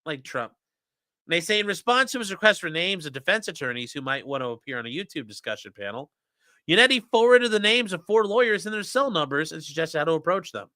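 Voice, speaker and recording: Profane, animated male livestream host. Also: a little high, fast talker, no room sound, studio quality. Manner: profane, sarcastic, animated ranting. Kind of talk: casual livestream commentary.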